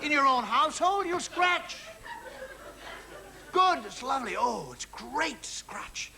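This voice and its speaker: A man's voice: very high-pitched, sing-song, slow pace, gravelly. A male stand-up comedian in a television studio, telling a confiding monologue to a live audience and acting out little scenes. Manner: conversational, confiding asides to the audience; acts out little scenes with mimed sounds. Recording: noisy old television recording with audience laughter.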